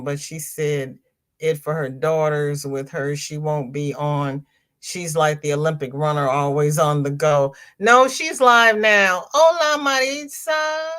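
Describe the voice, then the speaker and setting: Woman, middle-aged, crochet livestream host, unhurried drawl, lower voice, chatty, lots of ums. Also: fairly bright tone. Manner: chatty, calls viewers "girl" and "honey", frequent ums and restarts. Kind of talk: casual livestream chat reading comments.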